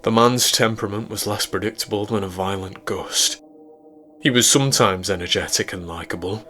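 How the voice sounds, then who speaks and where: A British man narrating a sci-fi horror story in a measured, steady way. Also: lowish voice.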